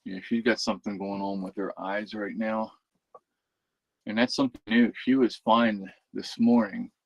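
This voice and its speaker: Low-voiced man chatting casually. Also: fairly even intonation, moderate pace, creaky, dry recording, dull audio. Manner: chatty, coos fondly at his cats. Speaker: livestream host. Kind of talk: casual livestream chat.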